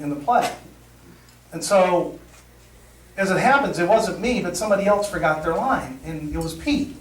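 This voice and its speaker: Energetic middle-aged male workshop trainer. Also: fairly high pitch. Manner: energetic storyteller, acts out dialogue, laughs at own jokes. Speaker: presentation skills trainer. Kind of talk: live workshop talk. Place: meeting room with audience. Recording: roomy sound from a distance.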